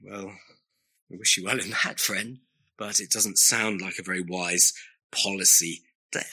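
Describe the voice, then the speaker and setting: A man's voice: low voice, steady tone, a little slow, pushed and bright, husky. A man preaching a sermon, emphatic and earnest, repeating phrases for stress with wry asides.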